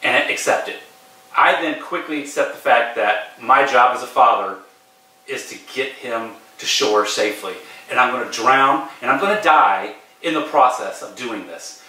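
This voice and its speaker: A man's voice: medium pitch, normal speed, bright, forceful tone. A middle-aged man, a podcast host, telling a personal story in a casual, profane, emphatic way. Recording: very echoey room, distant mic.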